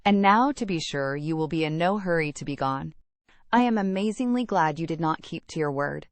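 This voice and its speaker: A woman's voice: deep voice, expressive, normal speed, no echo. Woman doing fawning young lady, eager insinuating chatter, audiobook, dry sound. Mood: gushing.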